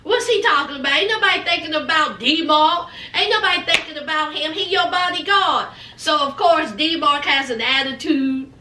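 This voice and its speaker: A woman with a very high, bright voice talks unhurriedly through a show recap, laughing and slipping into the cast's lines as she goes. She sounds a little distant from the mic in an echoey room. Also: a little hiss or hum. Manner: chatty, laughing, acts out the cast in quick quoted voices. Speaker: reality show recap vlogger. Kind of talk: casual recap commentary.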